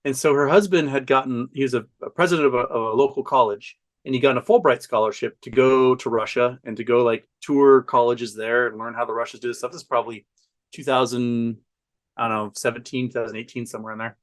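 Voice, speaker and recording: A man talking as a podcast guest, telling a story in an animated, profane way and laughing often. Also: mid-range voice, fast talker. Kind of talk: casual storytelling chat.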